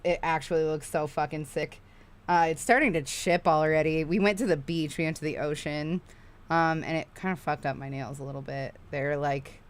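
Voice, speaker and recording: A woman streamer chatting casually with her viewers while she crochets, chatty, excitable and freely swearing. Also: low voice.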